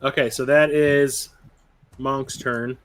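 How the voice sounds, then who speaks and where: A man narrating as game master of a tabletop game, laid-back and quick to laugh. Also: mid-range voice, fairly even intonation, slight background noise.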